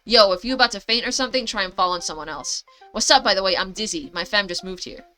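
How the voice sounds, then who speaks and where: A woman's voice: medium pitch, fast talker, bright, forceful tone, faint music behind, lightly acted. A woman voicing a tough, streetwise teenage girl rapper who talks bluntly in slang. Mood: cocky.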